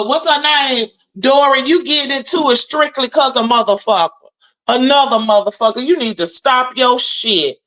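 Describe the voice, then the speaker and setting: Brief: a higher-voiced woman streamer, loud-mouthed and cussing, calling people out. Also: rough recording. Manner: brash, profane, mocking call-outs. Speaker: livestream host. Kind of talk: ranting live stream commentary.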